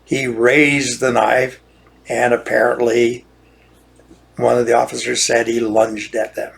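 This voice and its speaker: In a gravelly, mid-range voice, an older retired lawyer from the United States delivers a monologue rant, unhurried and flat in delivery. He sounds indignant, repeats himself, and keeps restarting his phrases.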